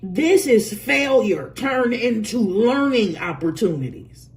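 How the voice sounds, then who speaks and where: A woman's voice: a little high, lively intonation, slow pace. A woman giving a casual spoken tarot reading, blunt and profane and laughing often. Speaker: tarot reader.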